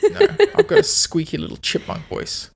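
A woman's voice: on the low side, wildly swooping pitch, normal speed, creaky. An Australian woman co-hosting a podcast, chatting in a playful, rambling way. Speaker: podcast co-host. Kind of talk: casual chat.

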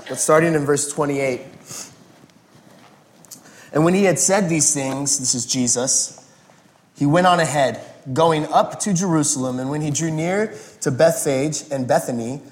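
A man preaching a sermon as a pastor, telling the story in a relaxed, conversational way and acting out the quotes. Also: fairly high pitch. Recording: echoey room.

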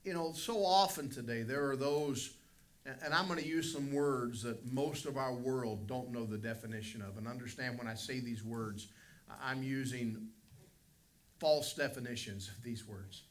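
A man's voice: medium pitch, normal speed. A middle-aged man, a pastor, preaching a Sunday school lesson with emphatic swells of volume on key phrases.

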